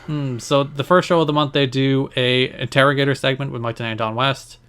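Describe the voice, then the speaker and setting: A man's voice: medium pitch, steady tone, a little fast, fairly bright tone, smooth. A man co-hosting a podcast, chatting in detail about history and laughing often. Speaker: podcast co-host. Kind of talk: casual chat recounting wrestling history.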